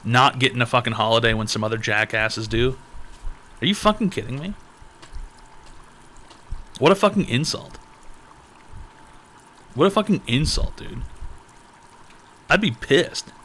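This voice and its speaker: A man's voice: medium pitch, unhurried, long pauses, pushed and bright, slight background noise. A young man hosting a live-stream advice show, reading out donations and ranting with lots of profanity.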